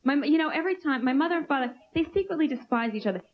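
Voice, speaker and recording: A woman's voice: sits high, animated, racing. A woman doing a stand-up routine, brashly teasing audience members. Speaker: stand-up comedian. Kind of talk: stand-up routine with crowd work. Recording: muffled old VHS tape with hiss.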